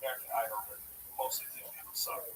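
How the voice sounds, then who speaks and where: A man co-hosting a comedy livestream, giving rambling casual advice and banter. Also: fast. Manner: relaxed, rambling, repeats himself. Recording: distant mic, noisy room.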